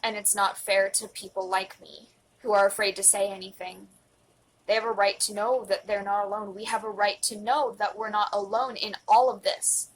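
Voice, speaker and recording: A young woman in her twenties talks straight into her phone in a heartfelt confessional vlog. Her voice stays fairly level and unvaried in pitch while she fights back tears, sometimes sinking to a near whisper, with a faint hiss of noise underneath. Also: little pitch movement, normal speed, rough recording. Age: 20s. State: emotional, close to tears. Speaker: vlogger.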